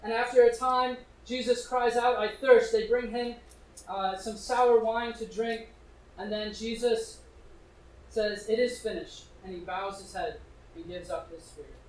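A man's voice: high-pitched, steady tone, a little slow. A male preacher reading scripture aloud and explaining it in a conversational way, with questions put straight to his listeners. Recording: echoey room, distant mic.

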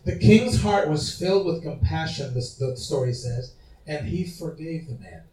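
A male pastor preaching a sermon in an animated, conversational way, often asking his congregation questions. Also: on the high side, normal speed. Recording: roomy hall, mic at a distance.

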